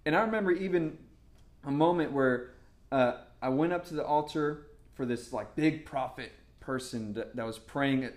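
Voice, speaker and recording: A man preaching a casual sermon, chatty and full of fillers and repeated words, bursting into excitement as he tells stories. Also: medium pitch, normal speed. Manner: storytelling with sudden excited outbursts. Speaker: pastor.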